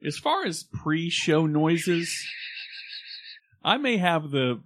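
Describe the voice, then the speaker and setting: A man's voice: on the high side, very animated, takes it slowly, a bit bright, no echo. A man co-hosting a podcast in casual banter, joking and laughing often. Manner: joking, laughs often, does mock accents. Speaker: podcast co-host.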